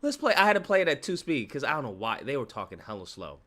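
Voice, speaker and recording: A man's voice: mid-range voice, very animated, quick pace, a bit bright. A young man ranting animatedly as a YouTube commentator, slipping into exaggerated mock voices. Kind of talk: reaction rant.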